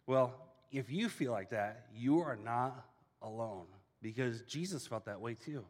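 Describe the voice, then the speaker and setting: A man preaching a sermon as a casual, animated storyteller. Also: medium pitch, a little slow, long reverb tail. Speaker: pastor.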